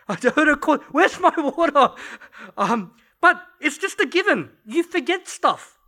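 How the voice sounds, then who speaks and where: Bright-voiced male pastor preaching. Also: extremely high pitch. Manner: conversational, storytelling with light laughs. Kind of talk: sermon. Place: church service.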